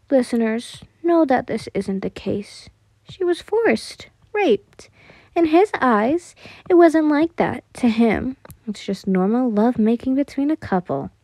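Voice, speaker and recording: Soft-spoken woman reading a story. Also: mid-range voice, dry recording. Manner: soft, casual, stumbling over words. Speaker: fan fiction reader. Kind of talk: second-person story narration and casual chat.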